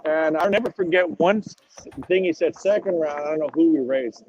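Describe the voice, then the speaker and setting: A middle-aged man, a former drag racer, telling animated and salty stories as a podcast guest. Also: on the high side, fairly quick, a little hiss or hum. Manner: animated, swears freely, acts out quotes. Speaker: retired drag racing driver as podcast guest. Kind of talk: casual storytelling interview. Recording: dull lo-fi audio.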